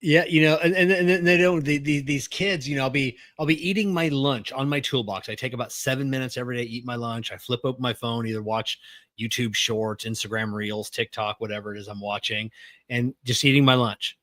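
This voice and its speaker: A middle-aged man co-hosting a podcast, talking casually and gruffly with plenty of swearing, close to the mic. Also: medium pitch, steady tone, fairly quick, a bit bright, no echo. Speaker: podcast co-host. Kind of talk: casual chat.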